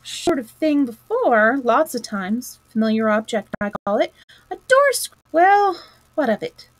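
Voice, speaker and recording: A woman's voice: high voice, sing-song, unhurried, dry recording, rough recording. A woman voicing a small, fussy and pedantic male mole who speaks in a raised, plaintive way. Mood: puzzled.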